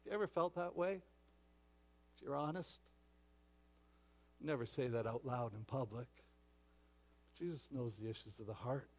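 A man's voice: mid-range voice, measured pace, long pauses. A man preaching a sermon as pastor, repeating words and restarting often, then dramatically acting out frightened voices. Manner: dramatic, acts out shouting disciples.

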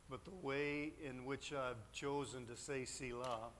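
A man's voice: medium pitch, fairly bright tone, a little hiss or hum. A man preaching a sermon from a church pulpit, telling a story with lots of fillers and restarts. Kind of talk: sermon with anecdote.

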